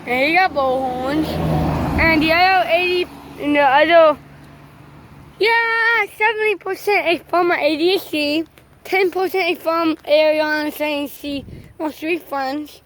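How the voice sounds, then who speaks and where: High-voiced, excitable young woman vlogger. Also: moderate pace, slight background noise. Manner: excitable and chatty, shouts at passing trucks. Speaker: truck-spotting vlogger. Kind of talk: excited roadside commentary. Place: roadside outdoors by traffic.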